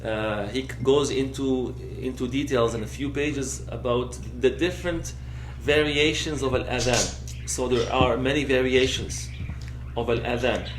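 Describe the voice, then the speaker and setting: A man's voice: mid-range voice, steady tone, unhurried. A man teaching a class on Islamic law, explaining step by step, often checking "okay?", and switching between English and recited Arabic text. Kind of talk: classroom lecture. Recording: roomy, faint background noise.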